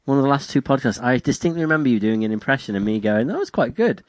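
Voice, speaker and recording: A man in casual podcast chat, chatty and quick to laugh. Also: mid-range voice, very animated, dry recording. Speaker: podcast co-host.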